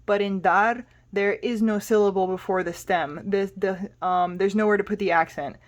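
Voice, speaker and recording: A woman's voice: mid-range voice, steady tone, moderate pace, highs cut off. Casting note: a female language teacher, patient, a mid-range voice, spells terms out. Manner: patient, spells words out letter by letter. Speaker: Spanish teacher. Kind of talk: explaining a language lesson.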